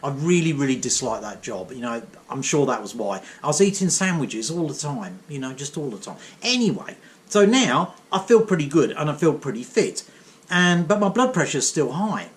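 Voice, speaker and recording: A middle-aged man spins a comic story in a casual monologue, wry and chatty, tossing in asides as he goes. His voice sits a bit high for a man and swings widely up and down. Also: very animated, moderate pace. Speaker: vlogger.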